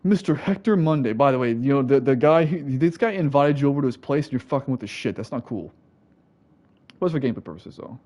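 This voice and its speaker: A man's voice: medium pitch, quick pace, darkish tone, highs cut off. An American man giving rambling, profane let's-play commentary, correcting himself as he goes. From United States. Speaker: gameplay commentator.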